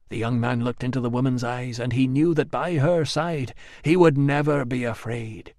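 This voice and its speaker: A man narrating an audiobook in a measured, expressive reading. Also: medium pitch, no room sound, studio quality. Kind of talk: scripted narration.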